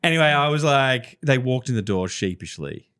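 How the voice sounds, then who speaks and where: A man co-hosting a podcast, telling a lively story and swearing freely as he acts out what people said. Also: mid-range voice, moderate pace, clear, resonant tone. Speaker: podcast co-host. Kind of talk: casual chat.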